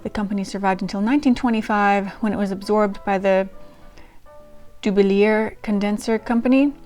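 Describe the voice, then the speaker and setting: A woman's voice: medium pitch, fairly even intonation, normal speed, a little mellow. Woman host chatting to camera, lots of ums and self-deprecating, faint music underneath. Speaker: channel host reading old diaries. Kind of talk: casual chat to camera.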